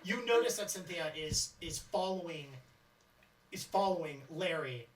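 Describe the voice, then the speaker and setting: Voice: mid-range voice, animated, unhurried. A game master narrating a tabletop game and calling for dice rolls. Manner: rambling, calls for dice rolls. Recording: roomy, distant mic.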